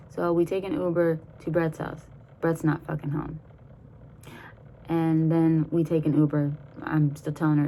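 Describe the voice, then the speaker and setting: Young woman in her 20s rambling through a story, cussing a lot, kinda low voice. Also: little pitch movement, moderate pace, mellow, slight background noise, low-quality recording. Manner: profane, rambling, laughs while telling. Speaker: vlogger. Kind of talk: casual storytelling.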